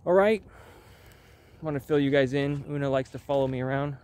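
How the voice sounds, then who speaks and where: A man's voice: medium pitch, a little fast, a little mellow, smooth. Rambling wry man vlogging. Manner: rambling, wry, offhand asides. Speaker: channel host. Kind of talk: casual vlog chat.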